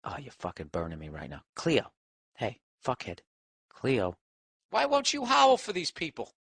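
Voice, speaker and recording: A man's voice: mid-range voice, wildly swooping pitch, a little slow, fairly bright tone, breathy edge, no echo. Profane sarcastic man ranting, dry close mic. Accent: Boston. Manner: profane, sarcastic, talks to his dog. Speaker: comedian podcast host. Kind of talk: casual rambling rant. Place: home office.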